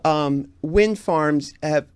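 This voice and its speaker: Chatty man, halting with fillers, dry sound. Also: on the high side, clean tone, no echo. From San Diego, USA. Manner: halting, many fillers and restarts. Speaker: guest. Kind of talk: casual interview chat.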